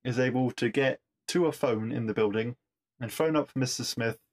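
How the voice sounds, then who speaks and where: Male podcaster, mid-pitched, conversational recap voice, amused, stumbles and restarts freely. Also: moderate pace. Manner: chatty, amused, with frequent restarts. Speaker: podcast reviewer. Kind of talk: casual episode recap.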